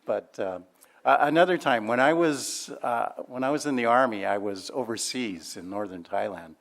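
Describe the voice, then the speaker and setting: Older man, mid pitch, rambling warm-hearted anecdotes, laughs through them. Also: normal speed. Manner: chatty storyteller, laughs often, many fillers. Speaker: family member sharing memories. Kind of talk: anecdotal reminiscing speech.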